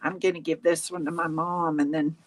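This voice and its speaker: With a gravelly, fairly low voice that swings widely in pitch, a middle-aged woman talks briskly on her craft livestream. She keeps the chat casual while crafting, laughs a lot and reads out viewer comments.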